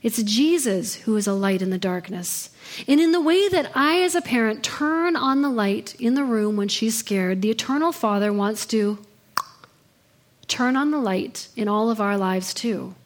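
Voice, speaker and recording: A woman preaching a sermon in her thirties, telling stories in an earnest way. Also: on the high side. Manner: earnest storytelling delivery.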